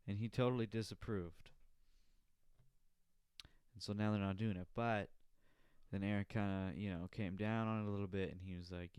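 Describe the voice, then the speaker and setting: A man's voice: lowish voice, level tone, moderate pace, long pauses, darkish tone, smooth, no room sound, clean studio sound. A young man hosting his own podcast, rambling casually with lots of swearing and laughing at his own jokes. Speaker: podcast host. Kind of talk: casual solo podcast chat.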